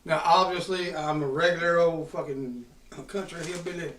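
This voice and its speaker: A man with a fairly high voice tells a loud, profane story in a drawl. He is recorded from a distance, and the room around him is echoey. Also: steady tone, moderate pace, a little hiss or hum. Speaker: podcast host. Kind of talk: casual storytelling. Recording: roomy sound from a distant mic.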